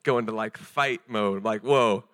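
A young man preaching a sermon in a casual, joking and animated way, with many fillers. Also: medium pitch, normal speed.

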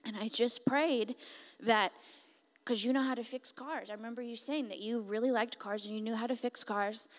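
A woman's voice: a little high, fairly even intonation, moderate pace, close to an everyday voice. A woman voicing an earnest, hopeful little girl who talks in a pleading, childlike way. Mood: eager. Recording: long reverb.

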